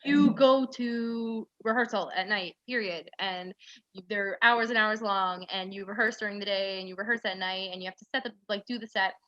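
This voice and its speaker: Young woman guest, bright and tense, rambling and full of fillers; dry, dull recording. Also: mid-range voice, normal speed, no room sound. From central New York. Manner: rambling storytelling with many "like" fillers. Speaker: guest, aspiring actress. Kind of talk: casual interview chat.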